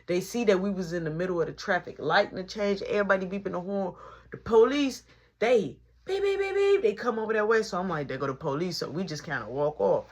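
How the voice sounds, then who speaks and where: Husky woman telling a wild storytime. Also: fast talker. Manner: animated, punctuates with sound effects like boom and boop. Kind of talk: casual storytime monologue.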